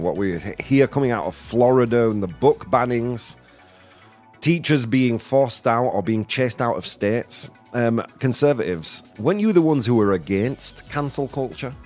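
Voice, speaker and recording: A man's voice: medium pitch, expressive, moderate pace, a little mellow, faint music behind. A male show host giving live commentary on the news, exasperated and ranting, stopping to read viewer comments aloud.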